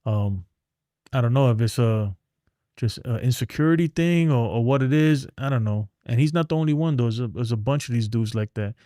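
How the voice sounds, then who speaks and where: A man's voice: medium pitch, fairly quick, warm tone, dry recording, clean studio sound. A middle-aged man, ranting bluntly and rambling in a casual livestream, trailing off into mumbles. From New York. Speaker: sports streamer.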